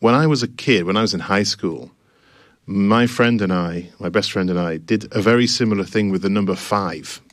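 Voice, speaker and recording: A man with a fairly low voice talks in an easy, anecdotal way as a co-host of a casual chat show. His voice is dry and close to the mic. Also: moderate pace, dry recording. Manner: chatty, anecdotal.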